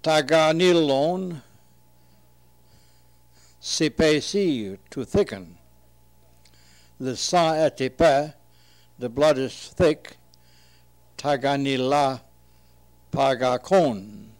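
A man reads dictionary entries aloud at a very slow, deliberate pace. He sounds out each word with care and pauses between the terms. His voice sits at a middle pitch. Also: darkish tone. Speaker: reader translating an old dictionary. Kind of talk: slow reading of word lists with translations.

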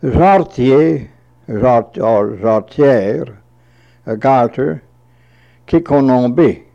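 A man reads a word list at an unhurried, deliberate pace, giving each entry and then its meaning. His voice is mellow and dark. The recording sounds dull and lo-fi. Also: medium pitch, creaky. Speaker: language teacher reading a word list. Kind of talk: slow dictionary reading with translations.

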